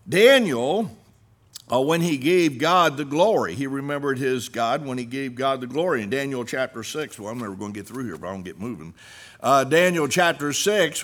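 A man preaching a sermon, reading scripture aloud and swinging from quiet low passages to loud, emphatic climaxes. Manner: preaching, rising to loud emphatic peaks then dropping low; reads scripture in old-fashioned biblical phrasing.

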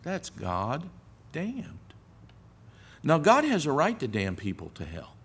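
An older male preacher delivers his sermon in a folksy, storytelling way. His voice is fairly high and bright, with a lively, swooping delivery that climbs into forceful emphasis. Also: slow pace, husky.

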